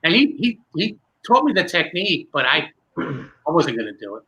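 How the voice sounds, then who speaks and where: A man, a magician, telling animated stories in conversation and building suspense as he goes. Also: a little high, normal speed, poor audio. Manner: lively, building suspense with self-interruptions. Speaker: magician recalling a fellow performer.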